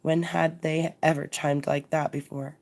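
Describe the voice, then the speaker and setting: Low, gravelly-voiced woman reading a bedtime story. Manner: measured, expressive reading. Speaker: narrator.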